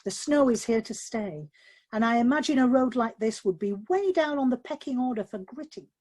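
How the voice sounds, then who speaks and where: A woman's voice: fairly high pitch, lively intonation, normal speed, dark tone, pitched above the performer's own voice. A woman voicing a flamboyant older man who loves brandy, in a jokey theatrical manner. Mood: wry.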